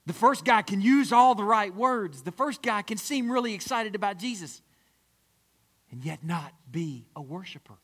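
A man's voice: sits high, lively intonation, moderate pace, a bit bright, breathy edge. A male pastor preaching a sermon, acting out the voices of people in his story.

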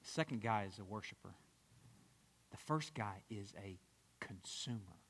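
A man's voice: fairly low pitch, lively intonation, measured pace, fairly bright tone, breathy edge. A male pastor preaching a sermon, acting out the voices of people in his story.

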